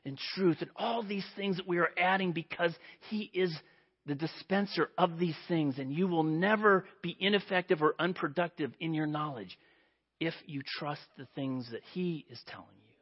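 A man preaching a sermon to a congregation, telling a story with animated delivery and acting out the quoted voices. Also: on the high side, moderate pace, slightly rough. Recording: dull lo-fi.

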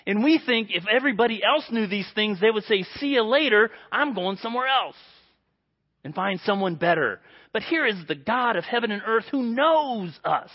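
A man preaching a sermon in an earnest way, dropping to a hushed voice for quoted prayers. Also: sits high, muffled recording.

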